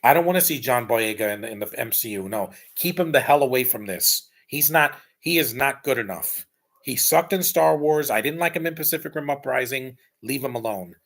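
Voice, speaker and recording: A man's voice: mid-range voice, lively intonation, a little fast, gravelly, a bit bright. A man giving casual, blunt and rambling live commentary while rewatching a film. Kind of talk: casual opinionated watch-along commentary.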